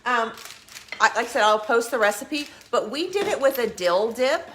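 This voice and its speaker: A woman's voice: a little high, lively intonation, normal speed, fairly bright tone, reverberant, slight background noise. A woman hosting a casual live-stream recipe chat from a home kitchen, talking while she eats. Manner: chatty, talks while eating. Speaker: cooking show co-host.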